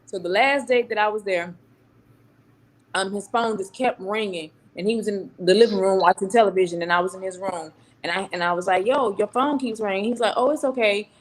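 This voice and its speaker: A woman telling a story about a bad date, lively and casual. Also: mid-range voice, fairly quick. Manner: animated storytelling with acted quotes. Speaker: panel guest.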